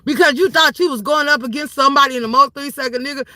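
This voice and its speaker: Brash high-pitched woman ranting on a livestream. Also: fast talker, dry recording. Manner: brash, profane, with frequent shouted outbursts. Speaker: livestream commentator. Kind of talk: heated live-stream commentary.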